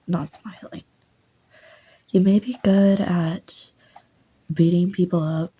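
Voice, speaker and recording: A woman voicing a young man, a boyfriend who speaks softly and teasingly in a low, husky voice. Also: exaggerated voice, low-quality recording. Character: young man Vance, blunt then tender boyfriend.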